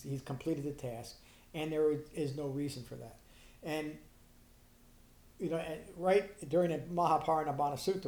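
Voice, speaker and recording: A man's voice: a little high, a little mellow. A middle-aged man giving an earnest dharma talk as a Buddhist teacher, often restarting his sentences and leaning hard on key points. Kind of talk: dharma talk explaining a sutta. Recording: roomy echo.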